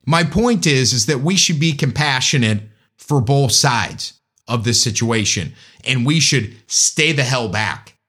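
A man's voice: medium pitch, animated, measured pace, a bit bright, husky. A man giving a casual, joking, opinionated monologue as a commentator.

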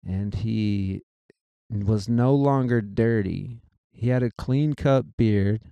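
A man telling a personal story in a casual, animated way, acting out what people said. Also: lowish voice, slow pace, gravelly, clean tone, no room sound, muffled recording. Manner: animated, quotes people in their own voices.

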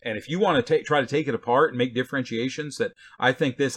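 A man's voice: mid-range voice, quick pace, hardly any pauses, fairly bright tone. A man giving a conversational Bible teaching, blunt and folksy, full of rhetorical questions and asides.

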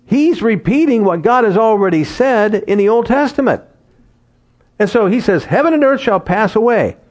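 With a high voice, this man reads scripture and preaches energetically, slowing down on key words and laughing at his own humor.

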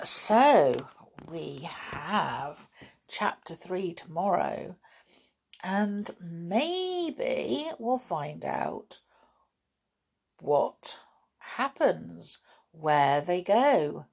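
Husky woman reading a children's book. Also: on the low side. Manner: gentle, chatty sign-off to young listeners. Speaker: storybook podcast reader.

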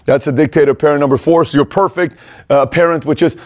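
A man's voice: a little high, fast talker. A middle-aged man hosting a show, talking casually and with energy, now and then acting out parents in raised voices. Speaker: host. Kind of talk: casual direct-to-camera talk.

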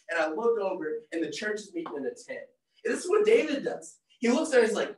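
Excitable preacher in an echoey room. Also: medium pitch, a little fast. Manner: excitable, casual and animated, slips into voicing the characters. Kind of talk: sermon reading and retelling scripture. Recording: echoey room, mic far off.

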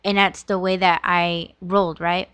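A woman's voice: fairly low pitch, little pitch movement, a little slow, fairly bright tone, smooth, no echo. A woman in her thirties hosting a podcast, telling a personal story in a frank, casual way, peppered with "like" and "you know" and swearing. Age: 30s. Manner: heavy use of "like" and "you know", frank and profane. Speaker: podcast host.

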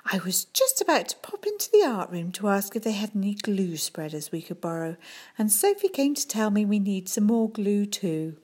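A woman voicing a sweet-sounding but scheming female teacher who is secretly a monster, speaking in a soft, breathy whisper. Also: medium pitch, big pitch swings, normal speed. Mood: sugary.

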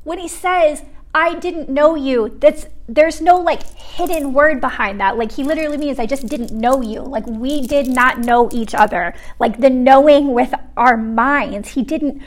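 Young woman preaching, high voice, super chatty, lots of "like", gets hushed on the quotes. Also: unhurried. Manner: earnest, chatty, frequent "like" fillers, drops to a hush for quoted words. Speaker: pregnancy center ministry speaker. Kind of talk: casual sermon talk.

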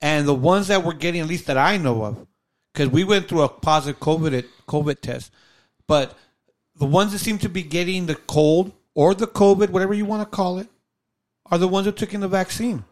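A man's voice: high-pitched, fairly quick. A man co-hosting a podcast in a casual, exasperated rant with mocking asides. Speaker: podcast co-host. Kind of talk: casual ranting chat.

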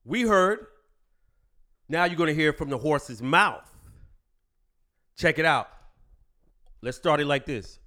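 A man's voice: on the high side, a bit bright, dry recording, clean studio sound. Brash New man hosting a podcast. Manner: brash, boastful, emphatic. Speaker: podcast host. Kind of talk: profane casual commentary. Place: home studio in the Bronx.

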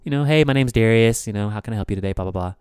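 A man hosting his own podcast in casual chat, rambling loosely and swinging between loud bursts and quiet asides. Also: fairly low pitch, racing, clean tone, dry recording, studio quality. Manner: loose, rambling, frequent "you know what I'm saying". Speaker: podcast host.

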